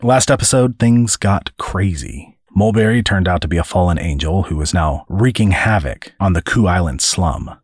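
A man hosting and narrating a serialized story with an expressive, dramatic reading. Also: low-pitched, moderate pace, hardly any pauses, breathy edge, dry recording, clean studio sound. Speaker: podcast host and narrator.

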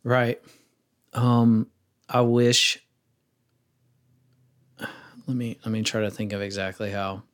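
A man's voice: on the low side, slow pace, pauses often. Chatty man acting out quoted questions. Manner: rambling, acts out quoted questions in a lively voice. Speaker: wedding filmmaker guest. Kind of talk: casual podcast interview.

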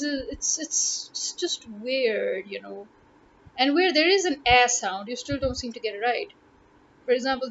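A woman in a casual monologue who sounds exasperated, asking one rhetorical question after another. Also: fairly high pitch. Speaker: author talking to her readers. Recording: dull lo-fi with faint noise.

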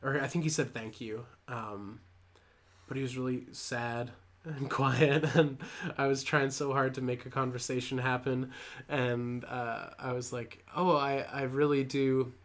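A man's voice: mid-range voice, fairly even intonation, measured pace, fairly bright tone. Rambling young man telling a story. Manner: rambling, self-deprecating, laughs often. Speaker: podcast co-host. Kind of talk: casual chat, storytelling.

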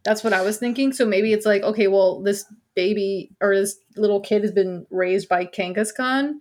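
A woman's voice: medium pitch, moderate pace, darkish tone. A woman co-hosting a podcast, chatting casually with blunt, laughing banter. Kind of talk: casual chat.

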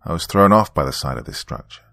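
A man narrating a scripted first-person horror story in a measured, descriptive way. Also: deep voice, animated, vocal fry, a bit bright.

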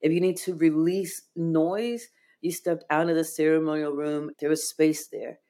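Earnest woman guest, low voice, heartfelt storytelling with lots of "like". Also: fairly even intonation, measured pace, mellow. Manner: earnest, heartfelt, frequent "like" fillers. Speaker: podcast guest. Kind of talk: emotional personal storytelling.

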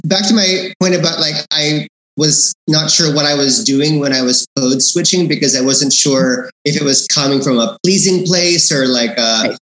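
A man's voice: a little high, moderate pace, few pauses, fairly bright tone, reverberant, poor audio. A man in a casual discussion, thinking aloud in a hesitant, reflective way. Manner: hesitant, reflective, many restarts. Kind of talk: casual chat.

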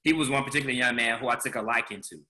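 Man, from Chicago's South Side, podcast guest, candid storyteller, fast, sharp bright tone. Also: medium pitch, fairly even intonation, low-quality recording. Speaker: former program director of a community arts center. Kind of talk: casual podcast interview.

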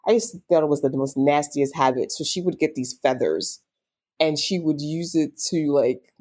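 Young woman, low voice, guest recounting a painful family story with lively acted-out dialogue. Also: moderate pace, breathy edge. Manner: emotional, animated retelling with quoted dialogue. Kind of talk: personal storytelling in conversation.

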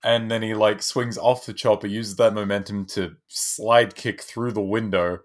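A man's voice: on the low side, steady tone, normal speed. A man co-hosting a casual movie podcast, enthusiastic and jokey, swearing freely. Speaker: podcast co-host. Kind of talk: casual movie-review chat.

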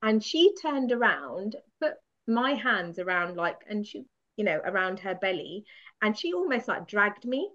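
A woman guest from the UK telling a candid story with animated, laughing self-mockery. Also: medium pitch, a little slow. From United Kingdom. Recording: dull lo-fi sound.

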